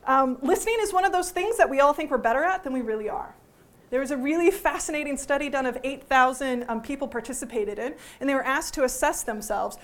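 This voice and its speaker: A woman teaching a workshop to a live audience, lively and joking, often putting questions to the room. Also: high-pitched, fast talker. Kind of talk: interactive workshop talk.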